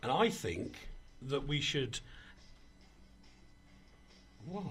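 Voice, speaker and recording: A man's voice: mid-range voice, sing-song, drawn-out words, a bit bright, faint music behind. A man hosting an online radio show in casual, self-mocking chat, flustered while he fights with his equipment.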